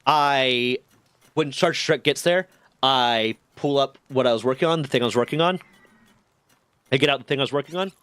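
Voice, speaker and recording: A man's voice: mid-range voice, no echo. A man streaming, telling a workplace story in a casual, profane way and acting out the dialogue. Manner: profane, animated retelling with quoted dialogue.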